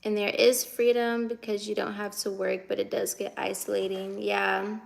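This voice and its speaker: A woman's voice: medium pitch, flat delivery, normal speed, creaky. A woman in her twenties from the United States, chatting casually on a live stream and answering viewer comments as she reads them, laughing often. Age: 20s.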